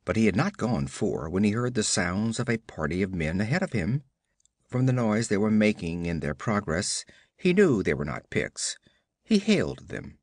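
A man narrating an adventure audiobook in a lowish voice that rises and falls dramatically. His delivery is expressive and theatrical. The recording is close and dry. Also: unhurried, no echo.

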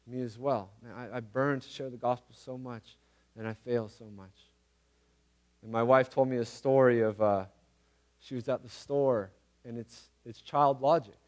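A man's voice: mid-range voice, steady tone, normal speed. A man preaching a casual, conversational sermon, earnest and repeating phrases for emphasis, with everyday slang. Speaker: pastor.

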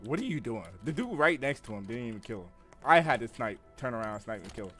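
A man's voice: mid-range voice, sing-song, fast, music in the background. A man streaming a shooter game, ranting with frustration and a lot of swearing. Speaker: gaming streamer. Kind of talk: raging gameplay commentary.

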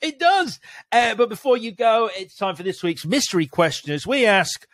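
A man's voice: sits high, sing-song, moderate pace, a bit bright, no echo, clean studio sound. A man hosting a film podcast, asking questions with frequent stammers and repeated words. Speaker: podcast host. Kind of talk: interview chat.

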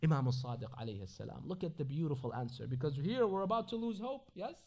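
A man with a notably high-pitched voice delivers a Ramadan lecture at an Islamic centre. He switches between recited Arabic sayings and English explanation. His talk is full of rhetorical questions put to the audience. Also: animated, fast, a little mellow.

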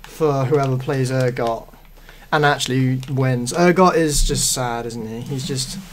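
A man's voice: medium pitch, measured pace, slight background noise. A man doing casual esports commentary, rambling and repeating himself, often laughing. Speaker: esports caster.

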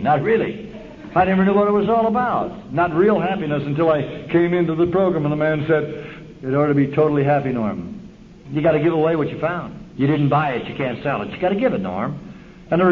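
A man giving a folksy, streetwise personal testimony at a recovery meeting, acting out the voices in his story. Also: a little high. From Southern California. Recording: lo-fi 1970s tape recording, hissy.

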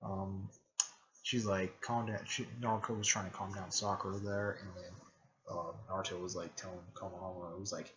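A man giving a rambling, casual recap, halting often with fillers and clearing his throat. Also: deep voice, little pitch movement, a crowd in the background. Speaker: video creator recapping a fan series. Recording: dull lo-fi recording.

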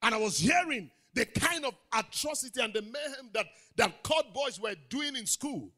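A pastor with a Nigerian English accent preaching a sermon in a church auditorium, calling out to the congregation and building up to shouted lines. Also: male voice, very high voice, expressive, moderate pace. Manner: preaching with crowd call-outs, swelling into shouts.

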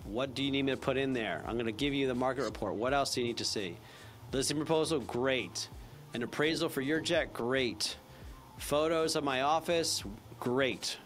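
A man giving a casual sales training talk, chatty and energetic, acting out upbeat phone greetings. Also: mid-range voice, normal speed, a little hiss or hum.

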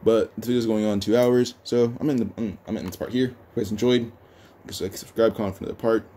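A man narrates a fan story in a casual, fast, stumbling way, often restarting his phrases. His voice sits low-ish with a mellow, dark tone. There is faint noise behind. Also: steady tone.

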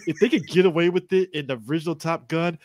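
A man's voice: on the high side, fairly even intonation, quick pace, no room sound. Dry-miked joking podcast man. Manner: joking, laughs a lot. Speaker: podcast co-host. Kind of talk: casual chat.

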